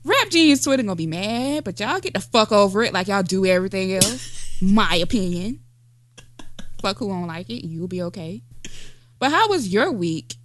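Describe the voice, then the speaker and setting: A woman's voice: medium pitch, expressive, normal speed. A woman co-hosting a podcast, blunt and profane in casual chat, laughing often. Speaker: podcast co-host.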